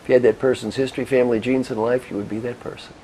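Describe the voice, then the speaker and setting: A man giving a motivational talk, guiding listeners through reflection and telling stories in an expressive, directive way. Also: mid-range voice, a little hiss or hum, rough recording. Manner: expressive, directive, with soft pauses. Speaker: motivational speaker and coach. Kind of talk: guided reflection and storytelling talk.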